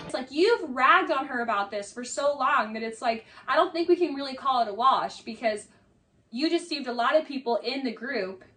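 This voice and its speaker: A woman giving casual, sarcastic commentary on a reality show, talking fast with lots of "like" fillers and sounding exasperated. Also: sits high, lively intonation, sharp tone, recorded from a distance, faint music behind. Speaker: video essay commentator.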